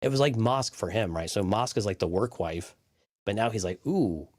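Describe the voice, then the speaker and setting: A man's voice: on the low side, expressive, moderate pace, no echo, clean studio sound. A man co-hosting a casual live podcast, making wry joking asides and restarting his sentences as he goes. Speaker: podcast co-host. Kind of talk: casual live TV-show breakdown chat.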